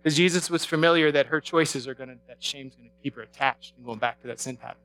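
A man's voice: medium pitch, fast, fairly bright tone. A man leading a Bible study, preaching in a casual, chatty way, laughing often and restarting his sentences. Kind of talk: sermon.

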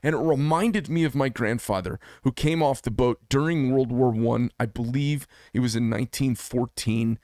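A man in his fifties hosts a solo commentary show in a middle-pitched voice. He talks with passion and emphasis and often repeats himself to drive a point home. The recording is dry and close, with no room sound. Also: normal speed, few pauses, a little mellow, no room sound. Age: 50s. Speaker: podcast host.

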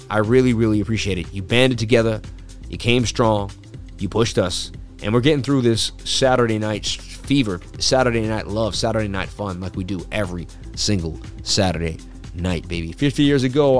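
A man with a lowish voice hosts a casual livestream, walking through market charts. He talks loosely and jokes, repeating words and riffing as he goes. Faint music plays underneath. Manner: loose, jokey, riffs and repeats himself. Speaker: crypto livestream host.

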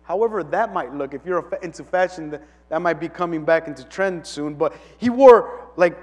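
A male preacher teaching a casual sermon, talking conversationally with frequent "like" fillers and quick restarts. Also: on the high side, darkish tone. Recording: long reverb of a large hall.

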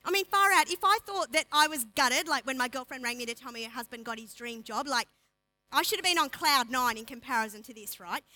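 Animated bright-voiced woman preacher. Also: high-pitched, fairly quick, poor audio. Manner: animated, acts out dialogue of story figures; chatty, uses "like" and asides. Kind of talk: sermon with retold scripture.

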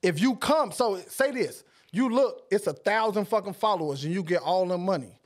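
Man, high voice, podcast co-host, heated casual debate, blunt, profane. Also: lively intonation, moderate pace. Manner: blunt, profane, talks over others.

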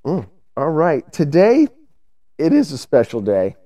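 A man's voice: fairly high pitch, huge pitch swings, a little slow, heavy background noise. A man co-hosting a casual podcast, telling loose, rambling stories with some swearing. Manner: loose, laid-back storytelling with profanity. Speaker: podcast co-host. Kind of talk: casual banter.

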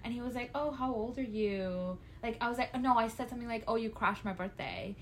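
A woman in her twenties, casually chatting as a podcast co-host, acting out dialogue in a lively storytelling manner. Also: fairly high pitch, brisk, a little hiss or hum. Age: 20s. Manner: animated storyteller, acts out dialogue, bursts into loud laughs. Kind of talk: casual chat.

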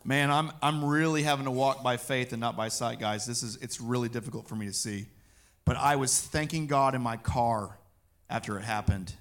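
A man preaching a personal testimony, telling his story in an animated way and acting out what he said. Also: medium pitch, moderate pace.

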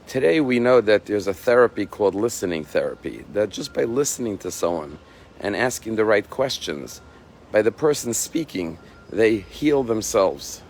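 A rabbi giving a measured, emphatic sermon, slowing down to stress key phrases. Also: male voice, lowish voice, animated, a little hiss or hum.

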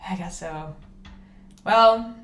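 An American woman in her young adult years, co-hosting a casual podcast chat, animated and quick to laugh. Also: on the low side, reverberant. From United States. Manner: laughs often, animated storytelling. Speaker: podcast co-host.

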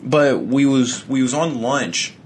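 A man in casual chat who rants with lots of swearing, laughs as he talks, and mocks other people in flat put-on voices. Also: mid-range voice, takes it slowly, slight background noise. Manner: laughs often while talking.

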